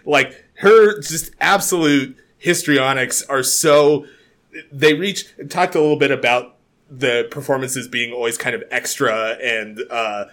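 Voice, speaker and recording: A man co-hosting a casual podcast chat about a TV show, animated and laughing often as he acts out scenes. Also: mid-range voice, unhurried. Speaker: podcast co-host.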